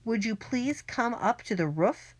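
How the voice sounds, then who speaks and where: A woman's voice: medium pitch, animated, a little fast, pitched above the performer's own voice, close to an everyday voice. A woman reading an audiobook, voicing an eager schoolboy who urges his best friend on insistently. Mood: urgent. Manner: urgent and insistent. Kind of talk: audiobook character voice.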